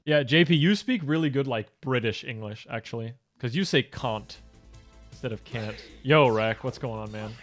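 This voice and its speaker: Young male streamer at mid pitch, casual and profane with faint game music behind him. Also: brisk, hardly any pauses. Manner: casual, profane, chatty with viewers. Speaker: speedrunner streaming. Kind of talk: live gaming stream chat.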